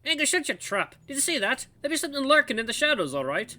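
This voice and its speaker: A man's voice: very high voice, fast, slight background noise, pitched above the performer's own voice, exaggerated voice. A man voicing cranky old male night watchmen in a game, bickering in a folksy old-timer dialect. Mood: alarmed. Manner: squabbling, excitable.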